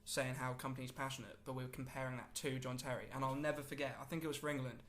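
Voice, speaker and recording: Fast-talking man with a faint background hum. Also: mid-range voice, little pitch movement, fairly bright tone. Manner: quick, rambling, many fillers. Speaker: podcast co-host. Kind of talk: casual football chat.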